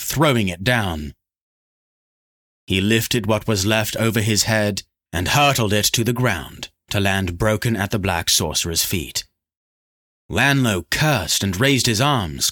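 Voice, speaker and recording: A man narrating a fantasy novel chapter in a steady, dramatic storytelling manner. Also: on the low side. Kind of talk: scripted audiobook narration.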